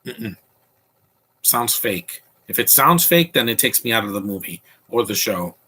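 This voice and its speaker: Opinionated husky-voiced man riffing on movies. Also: on the low side, sing-song, normal speed, bright, forceful tone. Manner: opinionated, rambling with frequent restarts. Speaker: podcast commentary host. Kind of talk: casual movie commentary.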